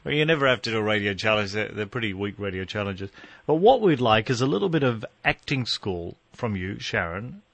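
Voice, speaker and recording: A man's voice: fairly low pitch, big pitch swings, brisk, fairly bright tone, no room sound. A male radio host interviewing a guest in a chatty, playful way.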